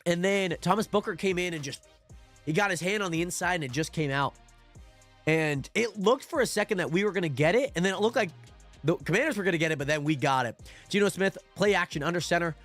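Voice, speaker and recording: A young man with a slightly higher-than-usual voice hosts a football watch party stream. He talks through the plays casually, then erupts into excited yelling on big moments. Faint music plays in the background. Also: quick pace. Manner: swings from calm play-by-play to shouting with excitement. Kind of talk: excited live football commentary.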